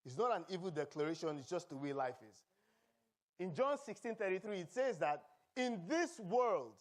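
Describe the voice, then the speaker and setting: A Nigerian-accented pastor preaching in church, his voice sitting noticeably high for a man. He moves between reading scripture and joking with the congregation. His delivery is animated and calls for answers from the pews. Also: normal speed. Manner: animated preaching with humor and call-and-response. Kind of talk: sermon.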